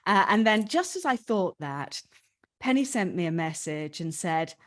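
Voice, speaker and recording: A woman's voice: on the low side, expressive, normal speed, fairly bright tone. A woman hosting a podcast, telling a personal story to her guest in a candid, emotional way and swearing casually. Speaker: podcast host.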